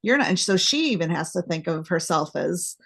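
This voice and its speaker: Chatty woman host with a gravelly voice. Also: lowish voice, moderate pace. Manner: chatty, animated when acting out reactions. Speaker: podcast host. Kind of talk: casual interview chat.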